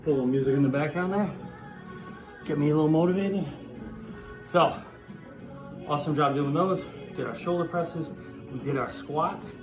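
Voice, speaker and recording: A man's voice: fairly high pitch, moderate pace, long pauses, roomy sound, over music. A man teaching a physical education class, coaching exercises while working out himself and often out of breath. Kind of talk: home workout class.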